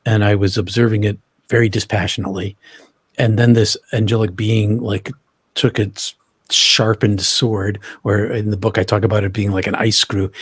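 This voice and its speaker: A man telling his own story as an interview guest, halting, often restarting and repeating words. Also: fairly low pitch, breathy edge, no room sound, clean studio sound.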